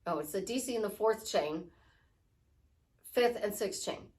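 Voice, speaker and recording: A woman's voice: mid-range voice, expressive, unhurried, darkish tone. Chatty woman life coach. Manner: chatty, rambling, acts out little dialogues. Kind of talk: casual spiritual talk to camera.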